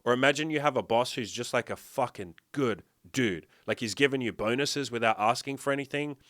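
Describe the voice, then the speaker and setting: A man talks straight to his viewers in a blunt, swearing, emphatic way and keeps hitting them with rhetorical questions. His pitch sits in an ordinary middle range for a man. The recording is dry, with almost no room sound. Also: a little fast, fairly bright tone, no echo. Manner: blunt, profane, emphatic lecturing. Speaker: dating and fitness coach. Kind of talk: direct-to-camera motivational talk.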